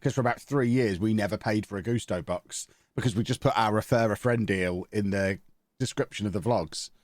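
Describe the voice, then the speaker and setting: A man's voice: on the low side, brisk, dry recording. Dry-humoured man hosting a podcast. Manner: dry joking, teasing co-hosts. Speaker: podcast host. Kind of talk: casual podcast chat.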